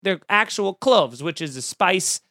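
A man's voice: high voice, lively intonation, unhurried, pushed and bright, dry recording, studio quality, full character voice. A man voicing a polite friendly driver. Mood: earnest. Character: kind, friendly male rideshare driver.

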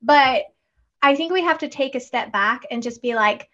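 Chatty high-voiced woman co-host. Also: normal speed, highs cut off. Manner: chatty, animated, acts out quoted lines. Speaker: podcast co-host. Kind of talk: casual chat.

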